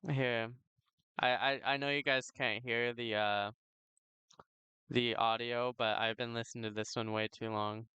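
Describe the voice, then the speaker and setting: A man's voice: medium pitch, flat delivery, measured pace, pushed and bright, clean tone, no room sound. A man streaming a game, reading its dialogue aloud and chatting casually with viewers, swearing and giggling. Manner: giggly, swears, talks to chat.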